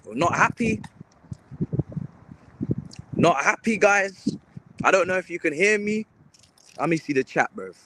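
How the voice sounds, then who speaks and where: A young man with a bright, forceful edge to his voice, somewhat high for a man. He rants to his livestream in slangy, exasperated bursts, muttering between lines, with a faint hiss of noise behind him. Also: very animated, unhurried, pauses often. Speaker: livestream host. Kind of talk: casual livestream rant.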